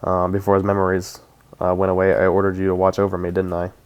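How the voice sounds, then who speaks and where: A man's voice: sits low, completely flat delivery, fast talker, clean tone, dull audio, lightly acted. A man reading as a determined young warrior. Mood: insistent.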